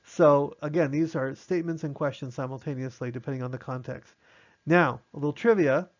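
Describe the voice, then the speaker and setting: A man with a slightly raised pitch gives a relaxed online class on amateur radio. He explains things in a loose, chatty way, full of restarts, and acts out quick on-air exchanges. The audio is a little dull and lo-fi.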